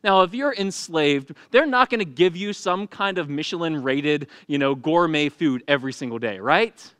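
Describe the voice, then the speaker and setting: A man's voice: a little high, animated, moderate pace, fairly bright tone, no echo. A man preaching a sermon in a casual, humorous storytelling manner, acting out the people he quotes. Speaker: pastor.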